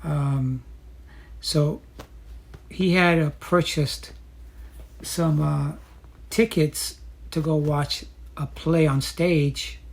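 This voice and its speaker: Husky-voiced woman telling a story. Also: low voice, steady tone, extremely slow, long pauses. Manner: chatty and reflective, with frequent fillers. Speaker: vlogger telling her dating story. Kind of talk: casual personal storytelling.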